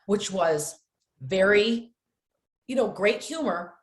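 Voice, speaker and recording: A middle-aged woman telling animated stories as a podcast guest, acting out the voices of her family. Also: mid-range voice, takes it slowly, reverberant. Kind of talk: casual storytelling interview.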